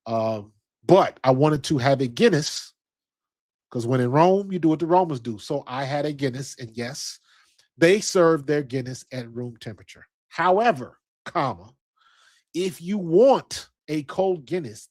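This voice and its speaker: A man's voice: a little high, expressive, measured pace, a little mellow. Middle-aged American guy, stream host, casual chat, slangy, rambling, lots of restarts. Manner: loose, rambling, slangy, with frequent restarts and asides.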